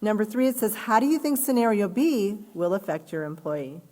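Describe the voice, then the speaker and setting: A woman teacher leading an online class, reading workbook scenarios aloud and acting out the quotes with lively delivery. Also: medium pitch, a little fast. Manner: animated, reads aloud and acts out quoted speech. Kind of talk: live online class lesson.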